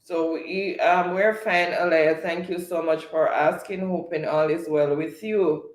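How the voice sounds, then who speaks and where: A man hosting a live stream, reading viewers' chat comments aloud in a relaxed way and often laughing. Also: on the high side, measured pace. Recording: echoey room.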